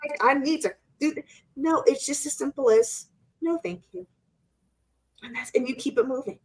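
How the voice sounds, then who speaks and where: A middle-aged woman co-hosting a casual live-stream chat, telling an animated story and acting out quotes in squeaky voices. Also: a little fast. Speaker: co-host.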